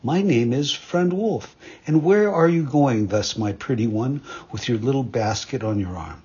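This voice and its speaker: A man voicing a sly, smooth-talking wolf who fakes a gentle voice. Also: mid-range voice, animated, unhurried, lo-fi sound. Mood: coaxing. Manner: feigned gentle, coaxing.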